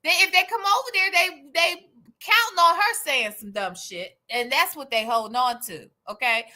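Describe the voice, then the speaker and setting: A woman's voice: high-pitched, normal speed, sharp tone. A woman hosting a live stream, giving casual commentary in a sassy, profane and dramatic way.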